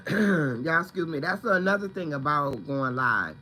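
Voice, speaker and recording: A man's voice: on the high side, lively intonation, unhurried, bright, forceful tone, a little hiss or hum, rough recording. A man chatting casually on a home livestream, rambling and greeting viewers by name. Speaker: livestream host. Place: at home, indoors.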